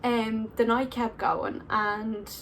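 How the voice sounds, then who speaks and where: A woman's voice: a little high, level tone, takes it slowly, a little hiss or hum. A young woman casually telling stories to camera, chatty and full of "like" fillers. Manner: chatty, many "like" fillers, laughs often. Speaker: vlogger. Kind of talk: casual storytelling.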